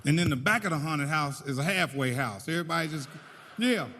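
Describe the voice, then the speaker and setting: A male stand-up comedian with a high, sharp, bright voice, telling stories excitably and acting out characters. The recording carries a long hall reverb and faint background hiss. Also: brisk. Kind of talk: stand-up storytelling. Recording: echoey hall with faint noise.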